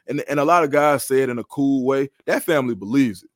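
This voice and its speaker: A man's voice: medium pitch, fast, no echo, studio quality. A man, a guest analyst in a podcast interview, talks through football recruiting in a confident, analytical way. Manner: confident, analytical, animated storytelling.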